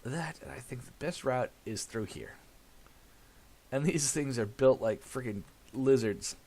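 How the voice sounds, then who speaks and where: A man's voice: mid-range voice, unhurried, darkish tone. A man casually commentating his farming game, rambling with many fillers and laughs. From America. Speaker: gaming channel host.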